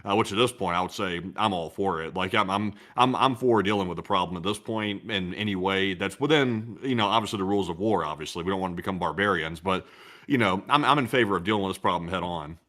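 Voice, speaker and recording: A man co-hosting a live stream who reads out viewer questions and adds his own views, talking quickly and stumbling a little over his words. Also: low voice, a bit bright. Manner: quick and slightly stumbling, with fillers. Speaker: co-host reading viewer questions. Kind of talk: casual live-stream commentary.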